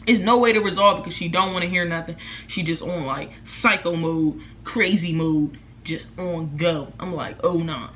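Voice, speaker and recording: A young woman vlogger, telling a storytime in casual, profane talk, loudly acting out what people said. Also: lowish voice, normal speed, few pauses, slight background noise. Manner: animated, profane, acts out quotes loudly. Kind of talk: casual storytime while eating.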